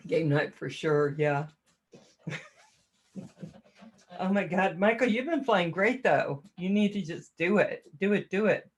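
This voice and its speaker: A woman's voice: on the low side, lively intonation, a little slow, long pauses, slight background noise. A woman hosting a casual livestream, chatting and self-deprecating as she greets viewers by name and laughs often. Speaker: livestream host reading chat.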